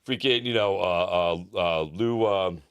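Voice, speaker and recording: A man's voice: low voice, measured pace, a bit bright, smooth. A middle-aged man, a personal trainer co-hosting a podcast, telling rambling stories in casual chat with lots of restarts and fillers.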